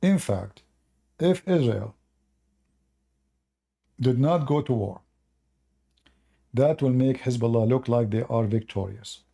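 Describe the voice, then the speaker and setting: A man rambles through viewer questions in a loose livestream chat. His voice is gravelly and dark, sitting at a middle pitch. He trails off and restarts often. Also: slow, pauses often. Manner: rambling, many fillers and restarts. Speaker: religious commentator answering viewers.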